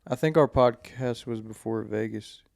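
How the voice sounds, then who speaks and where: A man's voice: medium pitch, moderate pace, creaky, a little mellow, dry recording, studio quality. A young man hosting a podcast, talking in a laid-back, casual way and swearing freely. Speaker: podcast host. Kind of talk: casual chat.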